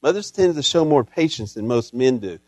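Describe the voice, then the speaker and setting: A man's voice: medium pitch, expressive, normal speed, darkish tone, dry recording. A middle-aged man preaching a sermon in a folksy, storytelling way with touches of humor. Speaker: pastor. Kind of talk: Mother's Day sermon.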